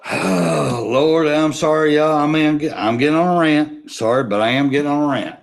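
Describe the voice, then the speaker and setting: A man's voice: on the high side, normal speed. A man giving a blunt, rambling sports opinion rant, swearing as he goes. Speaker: sports commentary vlogger.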